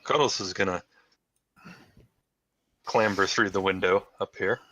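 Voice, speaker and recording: A man's voice: sits low, unhurried, bright, forceful tone. A man playing a tabletop game, checking what his character can see and do. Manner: questioning, checking rules. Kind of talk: casual chat at a game table.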